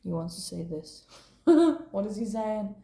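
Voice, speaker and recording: A woman's voice: medium pitch, sing-song, unhurried, vocal fry, warm tone, echoey room. A woman doing a casual, playful tarot card reading, rambling and laughing often.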